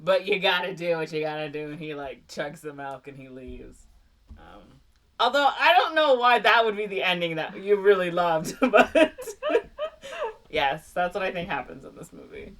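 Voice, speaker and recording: A woman's voice: on the low side, expressive, normal speed, a bit bright, far from the mic. A woman hosting a podcast, chatting casually in a giggly, rambling way with lots of fillers. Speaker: podcast host. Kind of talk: casual chat.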